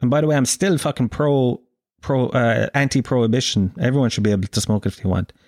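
An Irish man in his thirties telling a profane, animated anecdote in casual chat, acting out the quotes. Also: mid-range voice, fast talker, dry recording, studio quality. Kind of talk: casual storytelling.

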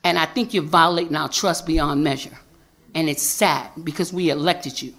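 A woman's voice: low voice, normal speed, a bit bright. A woman street preacher giving impassioned, repetitive testimony at a public hearing, angry and preacherly.

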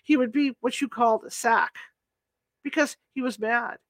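A woman voicing an excited, insistent male scholar in an audiobook reading, speaking urgently and earnestly. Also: on the high side, normal speed, no room sound, lightly acted.

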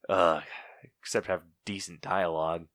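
Ranting, bright-voiced man, profane. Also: low-pitched, little pitch movement, moderate pace, dry recording. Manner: ranting, profane, acts out movie lines mockingly. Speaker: podcast co-host. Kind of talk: casual chat.

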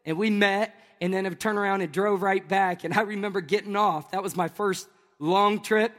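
Pastor guy in his 30s, high voice, joking around w the crowd, big echoey church. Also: moderate pace. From Tennessee. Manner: animated, jokey, talks to the crowd. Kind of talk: humorous sermon storytelling.

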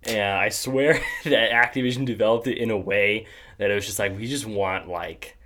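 A young man with a lowish voice hosts a casual podcast conversation. He rambles, restarts his sentences and stacks up fillers, laughing often as he goes. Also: fairly even intonation, normal speed, pushed and bright, a little hiss or hum. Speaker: podcast host. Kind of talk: casual chat.

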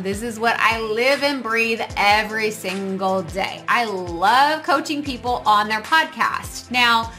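Bright, chatty woman podcast coach. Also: a little high. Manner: chatty and upbeat, self-mocking asides. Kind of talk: casual advice talk to listeners.

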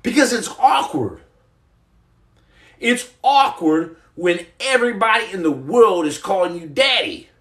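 Man, high animated voice, rambling comedic livestream host, stammering restarts, echoey room. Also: unhurried. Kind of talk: comedic live chat reading viewer comments.

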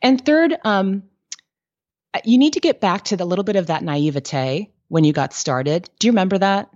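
A woman guest giving candid business advice in a podcast interview, telling lively stories with lots of "like" and "um". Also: medium pitch, normal speed, muffled recording. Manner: candid, lively storytelling with frequent "like" and "um".

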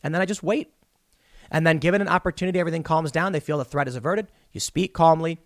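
A man's voice: a little high, fast talker, no room sound, studio quality. A man delivering a blunt, opinionated commentary monologue straight to his viewers, retelling events with acted-out dialogue. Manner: blunt, talks straight to the viewer with a personal take. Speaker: political commentator.

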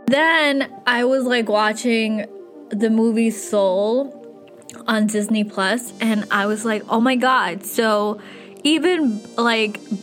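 A young woman vlogging in casual chat to the camera, excitable and chatty, leaning on "like" and swearing freely. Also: a little high.

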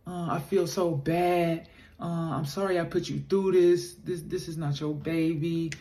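A man voicing an anxious, apologetic young woman in a soft, pleading voice while retelling a story. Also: little pitch movement, a little slow. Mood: remorseful. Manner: soft, pleading, higher-pitched put-on voice.

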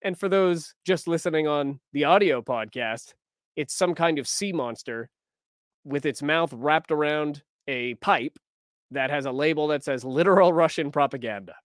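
A man's voice: fairly high pitch, normal speed, no echo, clean studio sound. A man hosting a news podcast, talking casually and wryly as he reads and reacts to headlines and posts. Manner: conversational, wry, reads quotes aloud.

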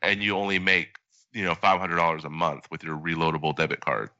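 A man co-hosting a casual podcast, wry and matter-of-fact. His voice sits low with a forceful edge. It is recorded dry, with a slightly dull, lo-fi sound. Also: flat delivery, fairly quick, no room sound. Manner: wry, lists details matter-of-factly. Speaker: podcast co-host. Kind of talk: casual chat.

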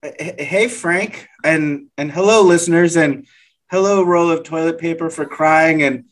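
A man co-hosting a podcast, joking and self-deprecating in a deadpan way. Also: fairly high pitch, a little slow, slight background noise. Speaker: podcast co-host. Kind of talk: casual podcast chat.

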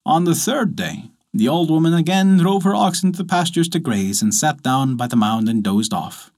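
Lively male storyteller. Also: on the high side, normal speed. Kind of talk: scripted narration.

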